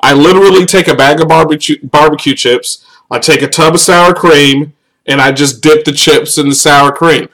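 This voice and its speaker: A young man with an American accent chats through a live-stream Q&A in a loose, joking way. His voice sits a little high, and it often jumps much higher for exclamations, with laughter breaking in. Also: normal speed, fairly bright tone, low-quality recording. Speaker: YouTuber answering viewer questions on a live stream.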